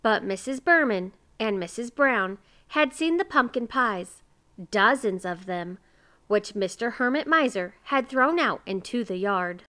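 A woman reading a children's picture book aloud with gentle, expressive storytelling. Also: a little high, a little slow.

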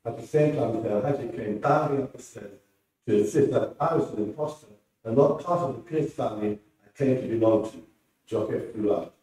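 A man's voice: mid-range voice, a little fast, warm tone. Man reading prose in an echoey hall. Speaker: writer reading his work. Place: presentation room. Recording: roomy hall from far off.

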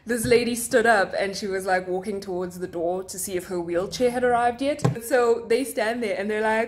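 A woman's voice: on the high side, moderate pace, few pauses. Young woman, South African accent, casual vlog chat, giggly storytelling. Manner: chatty storytelling with many likes and giggles. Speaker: flight attendant vlogger.

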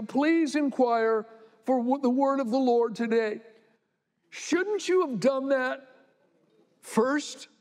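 High-voiced preacher in a reverberant hall. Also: male voice. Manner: retells scripture conversationally, rising to indignant emphasis. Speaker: pastor. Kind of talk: sermon.

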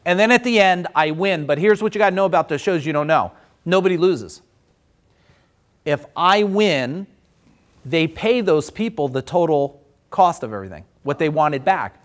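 A man who runs a business, leading a workshop and telling stories in a lively, chatty way, acting out the other people's voices. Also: on the high side, normal speed. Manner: animated, chatty, acts out voices. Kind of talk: storytelling in a workshop.

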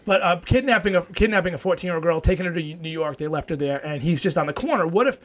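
Fast-talking middle-aged man. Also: a little high, animated. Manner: fast, profane, rambling with restarts. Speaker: town councilman guest. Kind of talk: casual podcast storytelling.

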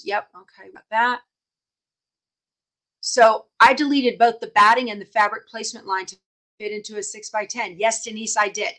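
Chatty bright-voiced woman teaching. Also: fairly high pitch. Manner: chatty and reassuring, addresses viewers by name. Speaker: host of a live embroidery tutorial stream. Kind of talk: casual live-stream teaching, reading viewer comments. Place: home sewing room with a dog nearby.

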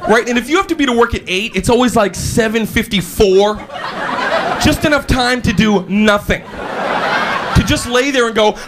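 High-pitched guy doing stand-up, loud and animated, crowd cracking up. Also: background noise. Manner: animated, shouting, quick voice switches. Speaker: stand-up comedian. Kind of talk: stand-up comedy. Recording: live club with audience laughter.

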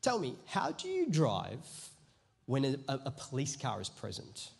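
A man preaching a sermon as pastor, chatty at first and then rising to loud, emphatic preaching. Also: medium pitch, huge pitch swings, measured pace, creaky, husky. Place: church auditorium.

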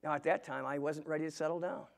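A man's voice: fairly high pitch, fairly even intonation, quick pace, gravelly. A middle-aged man giving a personal testimony in a church sermon, telling his story earnestly, often stumbling and restarting his words. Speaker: guest preacher giving testimony. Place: church sanctuary.

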